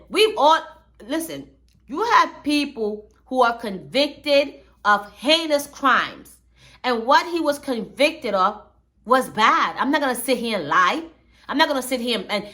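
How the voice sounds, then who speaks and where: A woman's voice: on the high side, bright, forceful tone. A woman hosting a commentary channel, talking in a chatty, slangy storytelling way. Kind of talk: casual commentary.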